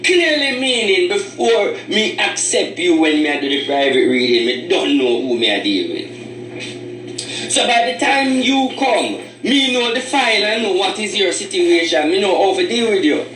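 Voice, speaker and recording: A man's voice: high voice, expressive, a little slow, fairly bright tone, far from the mic. A man with a Jamaican Patois accent, a spiritual reader giving a preachy, boastful warning monologue that rambles in patois. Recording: echoey room, away from the mic.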